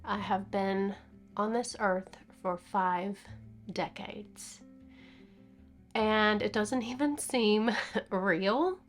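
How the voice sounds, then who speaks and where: A woman's voice: mid-range voice, drawn-out words, long pauses, faint music behind. Tearful woman in her fifties, half whispering. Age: 50s. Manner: tearful, laughing and crying at once, breaking into whispers. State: teary and sniffling. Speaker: vlogger. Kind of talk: emotional personal vlog.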